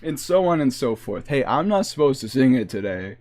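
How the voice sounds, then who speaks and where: A man's voice: mid-range voice, very animated, a little fast, a little mellow. A man from the Boston area chatting casually and jokingly on a livestream into a desk microphone. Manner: rambling and joking. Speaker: streamer.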